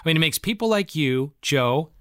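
A man's voice: a little high, animated, normal speed, fairly bright tone, clear, resonant tone, no echo, clean studio sound. A man hosting a podcast interview, earnest and long-winded, framing ideas in religious terms. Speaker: host.

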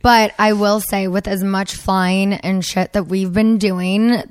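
A woman in her thirties hosts a casual podcast, telling stories animatedly with plenty of fillers. Her voice sits at a middle pitch. The sound is dry, with no room around it. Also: slow, clean tone, dry recording. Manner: animated storytelling, lots of fillers. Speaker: podcast host. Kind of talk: casual chat with ad read.

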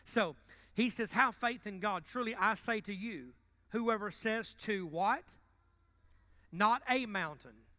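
A male pastor with a twang delivers a sermon in a church. He has a high, bright voice. He jokes with the congregation, then jumps from loud bursts to quiet asides. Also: a little slow. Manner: joking and conversational, swinging between loud bursts and quiet asides. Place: church sanctuary.

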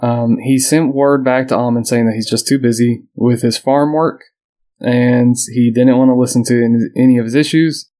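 This man's voice sits at a medium pitch and moves at a moderate pace. As a podcast co-host, he tells history stories in an easygoing way, with plenty of fillers and light laughter.

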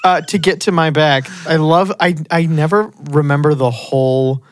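A podcast co-host in a casual movie review chat, excitedly acting out lines from the film and laughing often. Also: medium pitch, normal speed, no echo, clean studio sound. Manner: animated, acts out movie quotes, laughs often.

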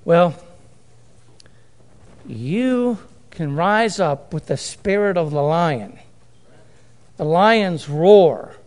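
A man's voice: high voice, lively intonation, drawn-out words, pauses often, darkish tone. A man preaching a sermon, emphatic, repeating and drawing out key phrases. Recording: long hall reverb.

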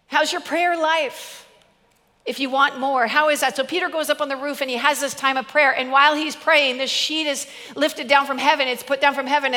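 A woman preacher giving a humorous sermon, animated and playful, laughing often. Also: high-pitched, big-room sound.

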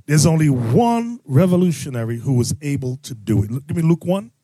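A man preaching and teaching scripture to a crowd, loud and emphatic, calling out his listeners. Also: a little high, animated, a little fast, dry recording. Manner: loud, emphatic, calls out the audience. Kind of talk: street-style scripture teaching.

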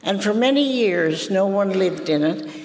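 An older woman from Newfoundland with a Newfoundland accent, telling a family folk tale to a live audience in a homely, unhurried way. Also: mid-range voice, lively intonation, gravelly, a little mellow, slight background noise. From Newfoundland, Canada. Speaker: storyteller. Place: university conference hall. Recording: archival recording in a reverberant hall.

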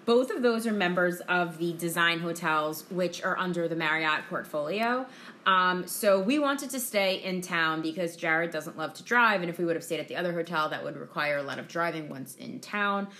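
A woman's voice: fairly low pitch, moderate pace, pushed and bright. A woman co-hosting a casual travel podcast, candid and self-deprecating as she talks. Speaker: podcast co-host.

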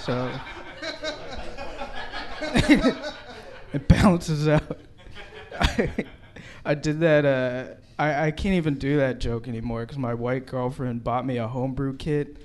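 A man works through a stand-up set in an easygoing, conversational way, often laughing along with his own jokes. His voice sits at an ordinary middle pitch. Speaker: stand-up comedian.

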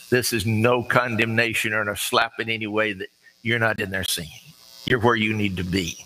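A man's voice: medium pitch, sharp tone, low-quality recording. A man preaching an earnest, conversational sermon with folksy asides.

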